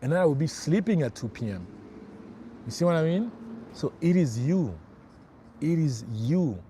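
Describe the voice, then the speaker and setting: A man's voice: a little high, big pitch swings, normal speed, dark tone, slight background noise. A middle-aged man working as a spiritual life coach, giving an emphatic motivational livestream talk. He repeats his key phrases and calls his listeners bro.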